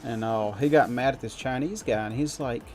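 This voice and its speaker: A man's voice: mid-range voice, moderate pace, soft background music. A young man chatting casually on a game stream, rambling and swearing freely as he rants. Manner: profane, rambling, heats up when ranting. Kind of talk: casual live-stream chat while gaming.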